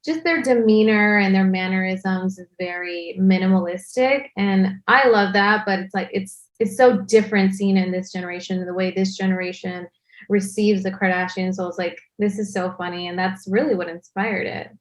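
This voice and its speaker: A woman's voice: medium pitch, moderate pace. A young woman, a content creator, chatting as an interview guest with a Valley girl way of talking and lots of "like". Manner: Valley girl speech, many "like" fillers. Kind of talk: casual interview chat.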